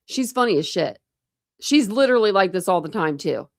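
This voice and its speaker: A woman's voice: medium pitch, expressive, fairly quick, no echo, studio quality. A woman hosting a casual online chat, rambling and laughing as she browses videos and talks to her pets. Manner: rambling, chatty, laughs often, coos at pets. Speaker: true crime channel host.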